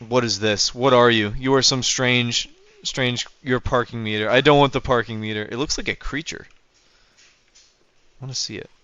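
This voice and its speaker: Smooth-voiced young man streaming a game. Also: mid-range voice, fairly even intonation, normal speed, a bit bright, no echo, lo-fi sound. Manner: rambling, self-correcting, chatty with viewers. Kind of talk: casual livestream commentary.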